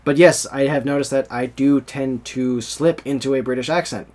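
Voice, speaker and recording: A man's voice: medium pitch, steady tone, normal speed, darkish tone. A young man from the United States hosting a podcast, rambling in casual chat and laughing often. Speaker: podcast host.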